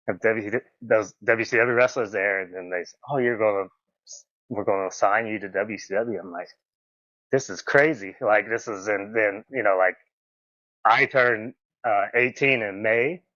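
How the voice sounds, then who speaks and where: A man, a podcast guest telling stories in a casual interview. He is animated, acts out quoted lines in a raised voice and laughs often. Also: fairly low pitch, normal speed, no room sound. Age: 40s. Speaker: podcast guest, former wrestler. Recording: dull, slightly muffled audio.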